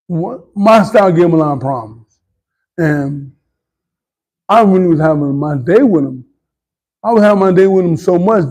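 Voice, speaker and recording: Ex-boxer guest, man, middle-aged, gravelly and dark, boastful, swears, looks back with regret. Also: high voice. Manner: candid, boastful then regretful, swears freely. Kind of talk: storytelling interview.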